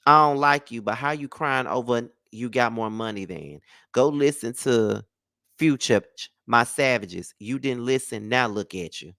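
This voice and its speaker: A man's voice: mid-range voice, lively intonation, a little slow, sharp tone, no echo, clean studio sound. A man giving casual celebrity gossip commentary in a blunt, profane and sassy way.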